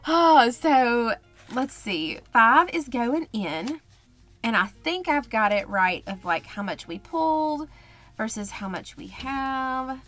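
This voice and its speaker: A woman budgeting vlogger chatting casually and counting cash in a quiet, murmured voice. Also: fairly high pitch, lively intonation, takes it slowly, soft background music. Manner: chatty, counts money under her breath.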